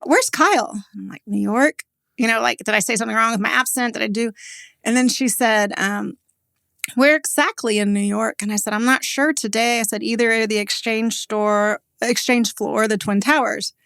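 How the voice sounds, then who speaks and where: A woman's voice: a little high, fairly even intonation, creaky, fairly bright tone, dry recording, studio quality. A woman in her forties from Texas, a business owner telling a personal story as a podcast guest, candid and chatty with frequent "like" fillers. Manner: candid and conversational, many "like" fillers, quick laughs.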